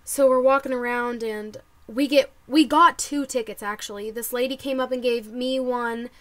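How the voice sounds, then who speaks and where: A young woman telling a story to camera in casual vlog chat, excitable and full of "like". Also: on the high side, moderate pace. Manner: bubbly, excitable, lots of "like" and quoted reactions. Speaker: vlogger.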